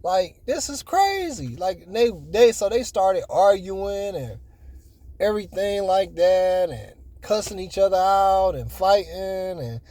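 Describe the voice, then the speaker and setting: A man in his forties tells stories casually and rambles, leaning on "you know" fillers. His voice sits fairly high and sounds mellow rather than bright. The recording is close and dry. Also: slow pace, dry recording. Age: 40s. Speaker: vlogger. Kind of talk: casual storytelling.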